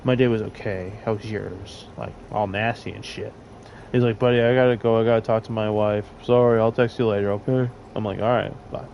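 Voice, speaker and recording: Young guy rambling thru a story, gravelly, faint hiss behind. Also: fairly low pitch, level tone, brisk, lo-fi sound. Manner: rambling, crude, loud laughing bursts. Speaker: storyteller in a casual talk. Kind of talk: casual storytelling chat.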